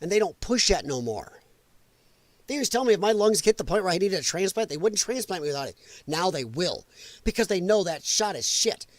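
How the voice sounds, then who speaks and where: High-voiced, blunt, profane male host. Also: big pitch swings, fairly quick, dry recording. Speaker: livestream show host. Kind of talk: ranting live commentary.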